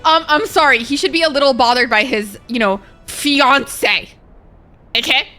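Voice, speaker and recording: A young woman streaming a game, chatting casually with her viewers, swearing freely and reacting excitably. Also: high-pitched, unhurried, faint music behind. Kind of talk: casual live-stream chat.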